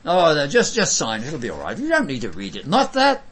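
Preacher doing a pushy glib guy shooing folks along, kinda high, husky. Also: huge pitch swings, brisk, fairly bright tone, heavily acted. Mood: dismissive. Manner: dismissive, brushing off questions. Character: glib brisk man hurrying people along.

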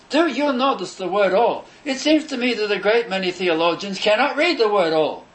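Emphatic preacher, high lively voice. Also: male voice, rough recording. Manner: emphatic, says so himself, repeats phrases for stress; measured, declamatory delivery with pauses between phrases. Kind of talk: sermon.

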